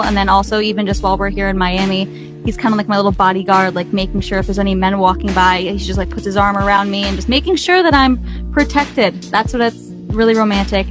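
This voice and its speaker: Woman, earnest and chatty interview answer, brisk delivery over a music bed. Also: medium pitch. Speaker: interviewed guest.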